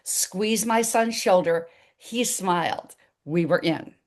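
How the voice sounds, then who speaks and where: An older woman as an interview guest, telling her story in an animated way and acting out the dialogue. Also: fairly low pitch, slow.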